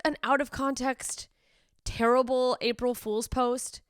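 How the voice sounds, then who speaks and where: A woman's voice: on the high side, slow, clear, resonant tone, dry recording. A woman comedian hosting a podcast in casual, incredulous chat, riffing and swearing freely into a close mic. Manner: animated, profane, incredulous riffing.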